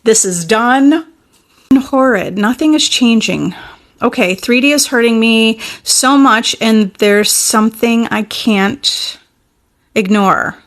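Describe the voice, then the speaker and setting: Encouraging woman coach, fairly high voice. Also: slow pace, fairly bright tone. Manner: encouraging, repeats "okay?" often. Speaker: manifesting coach. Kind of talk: casual teaching talk.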